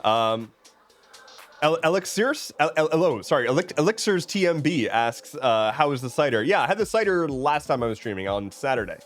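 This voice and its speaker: A man chatting casually on a live stream from a home webcam setup. His pitch swings widely as he reads viewer messages aloud and answers with loose, self-mocking jokes, often restarting his sentences. Faint music plays behind him. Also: big pitch swings, moderate pace. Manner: rambling, joking, with many restarts. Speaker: live streamer reading chat.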